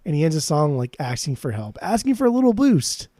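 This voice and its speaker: A man co-hosts a casual music podcast, gushing and rambling with plenty of swearing. His voice sits a little high yet sounds warm and mellow. The sound is close and dry. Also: very animated, fairly quick, dry recording. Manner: enthusiastic, rambling, swears freely. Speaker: podcast co-host. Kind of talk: casual chat about music.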